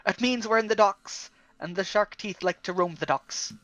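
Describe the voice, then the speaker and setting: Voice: mid-range voice, normal speed, a bit bright, no echo, muffled recording. A player in a tabletop game, bantering jovially in and out of character.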